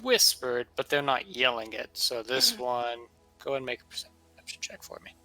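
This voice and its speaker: A man running a tabletop game, narrating scenes and calling for checks in a relaxed, steady way. His voice is bright and forward, at a middle pitch. Faint music plays behind him. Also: normal speed, low-quality recording. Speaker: game master.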